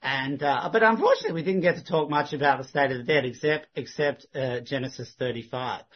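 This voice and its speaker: A man recounting to his church a Bible discussion he had, telling it in a lively way and acting out what the other man said. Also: medium pitch, fast talker, highs cut off. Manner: lively retelling that mimics the other man's lines. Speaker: church member recounting a witnessing conversation. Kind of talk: storytelling testimony to a congregation.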